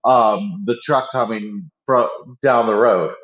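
A man's voice: fairly low pitch, slow, a bit bright. A man chatting casually and eagerly about a TV show, stumbling and restarting often. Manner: enthusiastic, restarts often, acts out quotes. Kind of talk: casual pop-culture chat. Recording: roomy, slightly dull audio.

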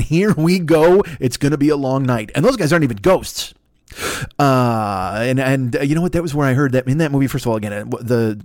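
An older man riffs at a rapid clip in a profane, rambling monologue, poking fun at himself as he goes. His voice is mid-pitched and sits close and dry on a laptop microphone, with no room sound around it. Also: darkish tone, dry recording. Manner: profane, rambling, self-mocking. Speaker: podcast host. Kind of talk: solo comedic rant.

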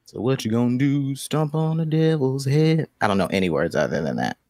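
A man's voice: mid-range voice, big pitch swings, brisk, darkish tone, no room sound. A man co-hosting a podcast in casual, jokey, self-deprecating chat over an internet call. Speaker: podcast co-host. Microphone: remote call over internet. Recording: dry remote call audio.

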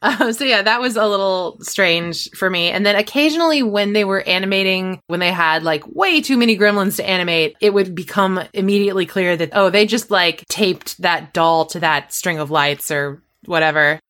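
A woman co-hosting a podcast in casual chat, wry and animated. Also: medium pitch, normal speed, few pauses. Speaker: podcast co-host.

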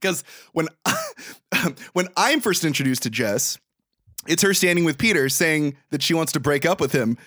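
Lively, slightly higher-voiced joking man. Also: no echo, studio quality. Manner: quick joking interjections, laughs a lot. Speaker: podcast co-host. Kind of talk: casual movie chat.

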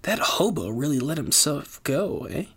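A man's voice: a little high, very animated, normal speed, creaky, a bit bright, slightly rough, exaggerated voice. A dry, skeptical young woman, as a male narrator puts her on. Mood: wry. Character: wry, blunt young woman investigator.

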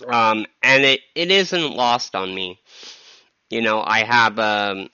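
A man with a low, bright and smooth voice talks through a personal podcast monologue. He stops and starts, leans on "um" and sounds stressed. The sound is dry and a little dull, like a lo-fi home recording. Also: dry recording. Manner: halting, full of ums and restarts, stressed. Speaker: podcast host.

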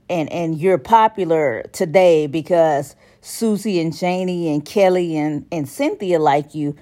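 A woman's voice: fairly low pitch, dark tone. A woman in a casual monologue, talking bluntly and with exasperation, and mimicking how other people text.

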